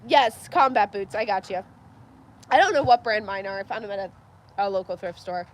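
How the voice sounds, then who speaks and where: A young woman hosting a casual farm livestream, chatty and quick to laugh as she reads viewer comments aloud. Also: medium pitch, lively intonation. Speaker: livestream host. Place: farm barn with rain outside. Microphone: phone livestream.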